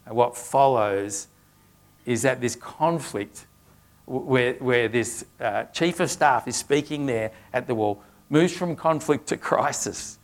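A man's voice: medium pitch, takes it slowly. A man preaching a sermon, earnest, with frequent restarts as he works through a scripture passage.

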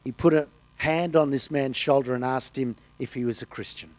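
A man's voice: medium pitch, steady tone, normal speed, no echo. A man preaching a sermon, telling stories and delivering quotes with emphasis. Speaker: pastor.

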